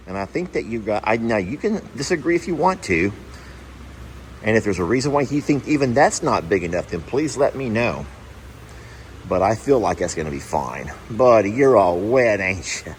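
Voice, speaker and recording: A man's voice: on the low side, lively intonation, normal speed, a little hiss or hum, rough recording. A man vlogging from his barn, chatty and affectionate as he talks to his horses. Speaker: horse rescue owner. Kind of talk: casual vlog. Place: barn stalls.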